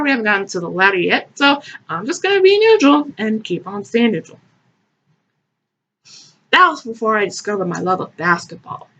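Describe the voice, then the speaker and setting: A woman hosts with sarcastic, mocking commentary, her voice high and breathy. Her pitch swings widely as she scoffs. The recording is dull and lo-fi. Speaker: host reading and mocking fan fiction. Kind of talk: comedic commentary.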